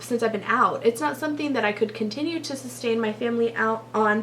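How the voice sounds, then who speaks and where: A woman's voice: on the high side, a bit bright, slight background noise. A woman YouTuber from Texas talking casually to her viewers in a chatty, gushing way, with frequent laughs and long run-on sentences. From Texas, USA. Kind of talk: casual vlog talk to viewers.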